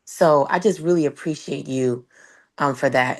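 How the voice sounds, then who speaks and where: A woman caller with a morning voice, sharing earnestly and haltingly on a group call. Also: sits low, animated.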